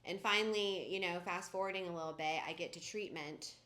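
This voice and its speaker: A woman's voice: fairly low pitch, a little fast, bright, forceful tone. A woman giving a candid personal recovery testimony in a casual, rambling way, full of "like" and "you know.". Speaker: speaker at a recovery meeting. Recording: roomy echoing room.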